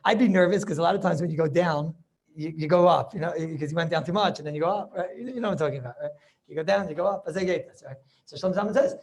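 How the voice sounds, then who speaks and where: A man's voice: high-pitched, rapid-fire, vocal fry, darkish tone. A man, a rabbi, teaching an informal class over a video call, chatty and sprinkling in study-hall terms. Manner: chatty, mixes in Yiddish and Hebrew study terms.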